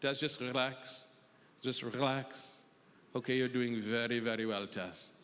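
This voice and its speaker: A comedian putting on the voice of a calm, soothing male heart doctor with an accent, who talks slowly and gently. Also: mid-range voice, voice pushed down, natural voice. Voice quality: slow, gentle, reassuring. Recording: reverberant live hall with audience noise.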